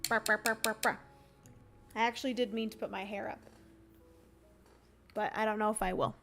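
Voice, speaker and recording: A woman's voice: medium pitch, steady tone, normal speed, vocal fry, a bit bright, faint music behind. A young woman streamer chatting casually and giggling as she rambles through a livestream.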